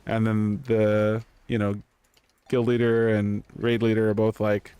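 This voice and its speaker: A man's voice: fairly low pitch, little pitch movement, measured pace, mellow, clear, resonant tone, no room sound. Rambling male streamer, dry close sound. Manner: rambling storyteller, heavy on fillers. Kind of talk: casual chat.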